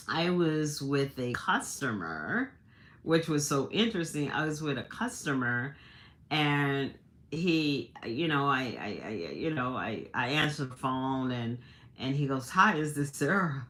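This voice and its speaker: A woman's voice: very deep voice, big pitch swings, slow pace, fairly bright tone. A woman hosting a livestream, telling a personal story in a chatty way, laughing often and restarting her sentences. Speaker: livestream host. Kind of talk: casual storytelling to a live audience.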